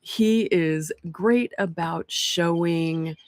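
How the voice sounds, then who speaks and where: A woman's voice: lowish voice, extremely slow, no echo, clean studio sound. Chatty woman hosting a laptop livestream. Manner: chatty, rambling, frequent ums and restarts. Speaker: community group host. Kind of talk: casual livestream chat. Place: outdoor porch among pines. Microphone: laptop microphone.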